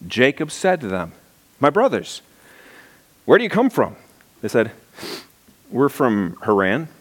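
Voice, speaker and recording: Animated male pastor preaching a sermon. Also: mid-range voice, measured pace, breathy edge. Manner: animated storytelling, reads scripture aloud.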